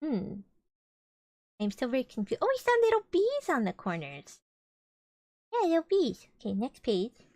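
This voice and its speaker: A young woman reads a children's storybook aloud to her stream, slipping into playful, musing side comments. Her voice sits a little high, and the dry, close recording gives it an intimate feel. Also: wildly swooping pitch, moderate pace, pauses often, a little mellow, dry recording. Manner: playful, musing asides between passages. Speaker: streamer reading a children's book. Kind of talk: casual storybook reading with chatty asides. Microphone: streaming microphone.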